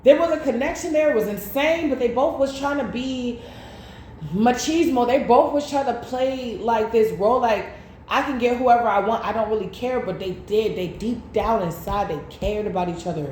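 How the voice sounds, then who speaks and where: A woman's voice: fairly high pitch, moderate pace, darkish tone. A woman tarot reader speaks straight to her viewers in loose, slangy casual chat. She tells the story with lots of animation. The room is echoey, with a faint hiss underneath.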